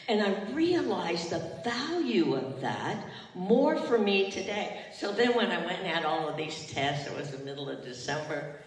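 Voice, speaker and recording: An older woman minister giving a heartfelt sermon and leading her congregation in call and response. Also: lowish voice. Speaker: retired minister. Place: chapel. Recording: echoey hall, far from the mic.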